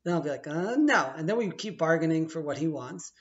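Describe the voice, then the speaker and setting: A man's voice: a little high, quick pace, highs cut off. A middle-aged man, chatty and playful, walking through a holiday ritual step by step and stopping to rephrase as he explains. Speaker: teacher. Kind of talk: casual explanatory video.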